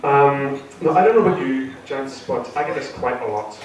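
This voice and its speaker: It's a man's first time doing stand-up, on a theatre stage in front of a live audience, and he rambles nervously, full of fillers and false starts. His mid-range voice moves at a normal speed. Slight background noise accompanies the distant, echoey hall recording.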